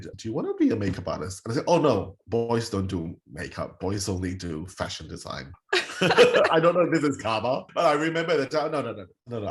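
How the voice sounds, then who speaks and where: A man in his forties from Singapore with a Singaporean accent, a guest telling stories in a casual interview, often leaping into high quoted voices. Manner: animated, jumps into high-pitched quoted voices. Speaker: guest, makeup artist.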